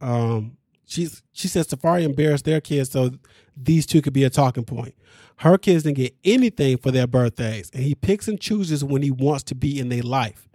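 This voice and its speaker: A man hosting a podcast, recapping a reality show in casual, slangy talk, animated and laughing often. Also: medium pitch, moderate pace, no room sound, studio quality.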